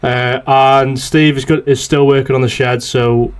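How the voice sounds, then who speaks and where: A man's voice: mid-range voice, fairly even intonation, measured pace, smooth. A young man on a podcast, telling a rambling, swear-filled story in casual chat. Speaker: podcast host.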